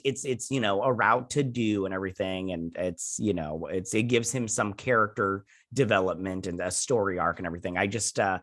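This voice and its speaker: A man's voice: low-pitched, a little fast, hardly any pauses. A man hosting a casual episode review, rambling through the plot with lots of fillers and quoted "he's like" lines. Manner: voices characters' lines in a flat retelling tone.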